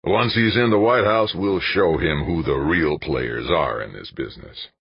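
A man reading the part of a crude, blunt old oil tycoon who snaps and mutters, with a rasping snicker. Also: rumbling low, unhurried, no room sound, highs cut off, full character voice. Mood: gruff.

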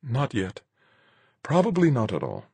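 A man voicing a tired, curt young woman, a ship's doctor, in a raised, higher-pitched voice. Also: wildly swooping pitch, a little slow, a little mellow, breathy edge, dry recording, exaggerated voice. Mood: weary, terse.

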